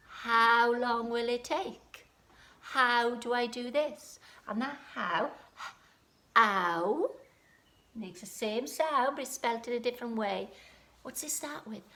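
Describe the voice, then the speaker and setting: A Welsh woman teaching young children to read from home. She speaks at a slow, deliberate pace and sounds out each letter with patient encouragement. Her voice is bright and fairly high. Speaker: primary school teacher. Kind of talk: phonics lesson for home learning.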